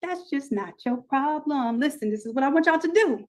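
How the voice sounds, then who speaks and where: A woman hosting a live online design class, pitching offers and teaching with lots of energy, repeating herself and talking straight to her viewers. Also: expressive, normal speed, darkish tone, low-quality recording.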